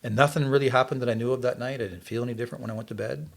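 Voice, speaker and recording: A man's voice: medium pitch, fairly even intonation, very fast, creaky. A man in his sixties from Canada, earnestly telling his life story as a podcast guest. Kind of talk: testimony in casual interview.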